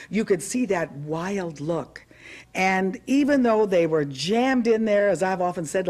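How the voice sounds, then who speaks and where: A woman preacher recounts a story from the pulpit in an emphatic, storytelling way. She drops in humorous asides and rises into loud, forceful commands when she quotes herself. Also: lowish voice. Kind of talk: preaching testimony.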